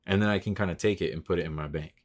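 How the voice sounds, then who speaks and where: A man in his thirties hosting a solo podcast, talking casually with lots of swearing and slang, rambling and getting loud and animated when he rants. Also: sits low, rapid-fire. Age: 30s. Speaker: podcast host.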